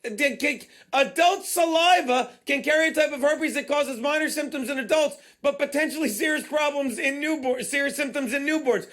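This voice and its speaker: High-voiced incredulous man hosting a podcast. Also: moderate pace, few pauses, a bit bright. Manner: incredulous, laughing, reads articles aloud. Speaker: host. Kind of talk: casual comedy podcast banter.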